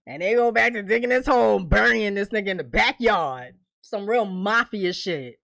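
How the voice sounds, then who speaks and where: A young woman vlogger, recapping a TV episode in a casual, animated way and acting out the characters' lines. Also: medium pitch, moderate pace, vocal fry, dry recording. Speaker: vlogger reviewing a TV series.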